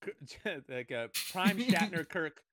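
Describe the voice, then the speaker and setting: A man's voice: sits high, lively intonation, slow pace, fairly bright tone, no echo, clean studio sound. A man hosting a casual chat, rambling and laughing, tossing in playful sound effects. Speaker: podcast host.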